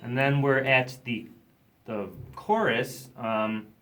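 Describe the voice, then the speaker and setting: A man's voice: medium pitch, steady tone, takes it slowly, very noisy. A man, a drummer, explaining his drum part, scatting the rhythms aloud with frequent hesitant fillers.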